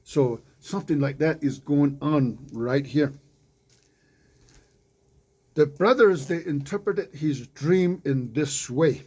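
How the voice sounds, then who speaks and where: Guy teaching bible study to a small group, slow easy pace, chatty asides. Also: a little high, mellow, poor audio. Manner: unhurried, conversational, with asides and repeated words. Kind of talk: informal Bible teaching, reading scripture aloud.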